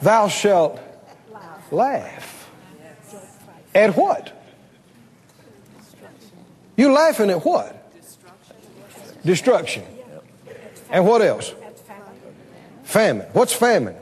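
High-pitched male preacher, slow and animated, questioning the congregation. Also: long reverb tail. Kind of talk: sermon.

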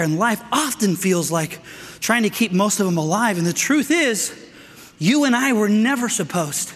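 A middle-aged man preaching a sermon to men, energetic and out of breath, calling for amens. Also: high-pitched. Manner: energetic, calls for amens, asks "right?". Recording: echoey hall with long reverb.

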